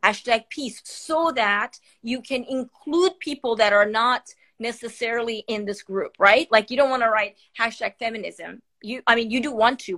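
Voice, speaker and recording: A woman palliative care physician and podcaster from Iran, appearing as a guest, speaks earnestly and passionately in an emotional live-stream chat, tearful and holding back crying, with many fillers and restarts. Her voice is on the high side and fairly bright in tone.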